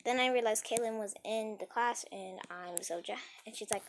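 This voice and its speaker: A woman's voice: mid-range voice, steady tone, moderate pace, a little hiss or hum. Woman rambling through a casual story.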